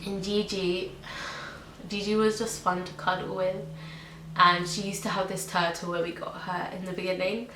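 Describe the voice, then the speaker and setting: Young woman vlogger from Britain or Ireland, lowish even voice, rambling and chatty, in an echoey room with a faint hiss. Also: normal speed. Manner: chatty, many ums and likes. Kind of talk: casual pet tag video.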